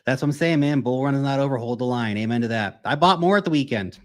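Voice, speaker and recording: A man's voice: medium pitch, fast talker. A man in his thirties from the United States, hosting a casual livestream Q&A and answering viewers' questions in a blunt, profane, emphatic way. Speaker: crypto livestream host.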